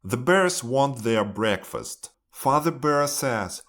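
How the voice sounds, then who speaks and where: A man reading a children's storybook aloud in a clear, expressive manner. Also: medium pitch, takes it slowly.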